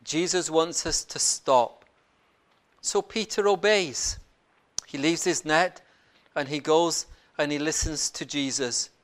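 A preacher retelling a gospel story and drawing lessons for the listeners, swinging between loud and hushed. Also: mid-range voice, slow pace, long pauses. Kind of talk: sermon.

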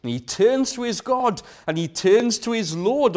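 A man's voice: high voice, sing-song, unhurried, few pauses. A man preaching a sermon. He asks rhetorical questions, repeats phrases for emphasis and sometimes drops to a whisper.

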